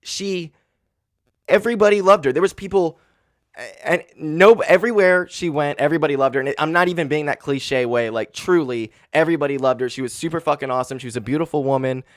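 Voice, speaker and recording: A man in his twenties hosting a solo podcast, talking candidly and with grief, swearing often and filling pauses with "like". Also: on the high side, no echo, studio quality. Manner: candid, grieving, heavy swearing and fillers. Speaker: podcast host. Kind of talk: casual solo podcast monologue. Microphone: handheld podcast mic.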